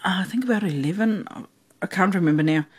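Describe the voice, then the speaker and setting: A woman's voice: on the low side, fast, breathy edge. South African woman guest, chatty storyteller with lots of fillers. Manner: chatty, laughs often, many fillers. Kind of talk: casual storytelling.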